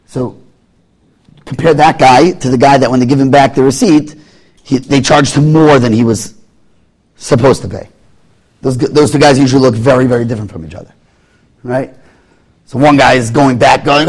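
A man's voice: mid-range voice, normal speed, darkish tone, breathy edge. A man giving a sermon as a rabbi, acting out little scenes in quoted voices as he teaches.

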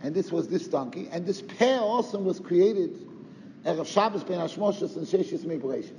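A man's voice: high voice, animated, normal speed, mellow. A man giving a Torah lecture, firing off rhetorical questions and sprinkling in Yiddish and Hebrew terms. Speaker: Torah teacher. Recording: roomy reverb, dull lo-fi sound, faint noise.

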